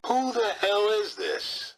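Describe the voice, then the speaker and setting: An actor playing a foul-mouthed male military radio operator in a video game, with a husky, blustering, sarcastic manner. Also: high-pitched, wildly swooping pitch, takes it slowly, a bit bright, full character voice, low-quality recording. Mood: baffled. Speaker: communications officer.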